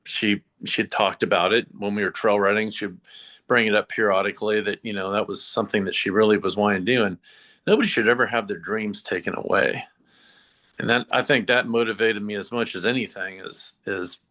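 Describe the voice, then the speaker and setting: A man, a horse trainer and podcast guest, speaking earnestly and reflectively, with frequent pauses and fillers. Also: lowish voice, sharp tone. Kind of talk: casual interview chat.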